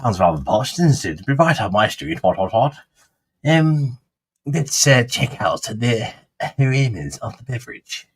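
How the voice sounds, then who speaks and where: A man voicing a posh, refined English gentleman as he tastes a drink, with a drawn-out, affected delivery. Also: medium pitch, big pitch swings, slightly rough, full character voice. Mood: mock-refined.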